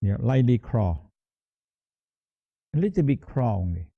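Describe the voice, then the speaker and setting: A man guiding a meditation practice in a halting, repetitive teaching manner, often restating words as he explains. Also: medium pitch, big pitch swings, gravelly. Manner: halting, repeats words, slow explanatory phrasing. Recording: tinny phone-like sound.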